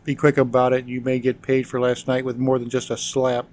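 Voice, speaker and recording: A man's voice: mid-range voice, monotone, brisk, a little mellow, natural voice. A man voicing a cruel, commanding aging male Viking pirate chief in an audiobook. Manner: harsh, commanding.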